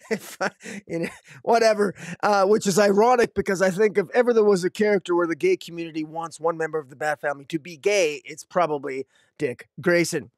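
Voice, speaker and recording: A man's voice: high-pitched, fairly even intonation, fairly quick, no room sound, clean studio sound. A man reviewing comic books alone, rambling with many fillers and restarts. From Canada. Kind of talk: casual solo review.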